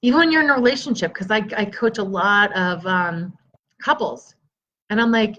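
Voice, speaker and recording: A middle-aged woman coaching viewers on a live stream, energetic and encouraging, greeting people by name. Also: medium pitch, moderate pace, highs cut off. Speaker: stress relief coach.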